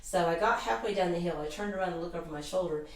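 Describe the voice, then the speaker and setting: A woman's voice: fairly low pitch, fast talker. A middle-aged woman, an interview guest, telling long rambling anecdotes with lots of restarts. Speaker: guest, intuitive healer. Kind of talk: casual interview storytelling. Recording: roomy echo, distant mic.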